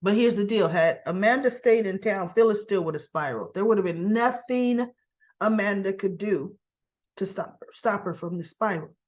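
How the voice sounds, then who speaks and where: A woman hosting a casual soap opera recap, chatty, often clearing her throat and briefly quoting the characters. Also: medium pitch, normal speed, a little mellow, dull audio.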